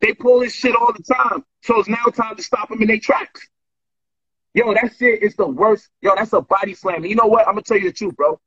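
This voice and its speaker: Brief: boastful man on a call, high pitched and husky, dull lo-fi audio. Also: brisk. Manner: boastful, animated, profane. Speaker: debater discussing a past debate. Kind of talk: heated casual chat on a call. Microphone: remote call mic.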